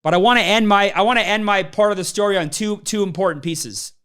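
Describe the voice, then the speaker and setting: High, clear-voiced man telling stories. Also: a little fast, a bit bright. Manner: storytelling, acts out quoted people. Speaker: business trainer. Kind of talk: motivational talk to a live audience.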